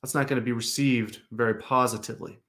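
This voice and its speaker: A man's voice: medium pitch, steady tone, quick pace, fairly bright tone. Guy coaching call center staff, direct and thoughtful, giving feedback tips. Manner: direct, reflective, advisory. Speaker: customer service coach, host. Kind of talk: coaching commentary on a recorded call.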